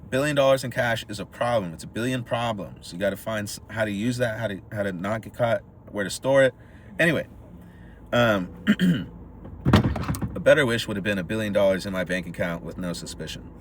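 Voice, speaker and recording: Brisk and lowish in pitch, a man recaps a film in casual podcast conversation as co-host. He acts out the characters' dialogue in lively storytelling fashion, with a bit of hiss or hum on the track.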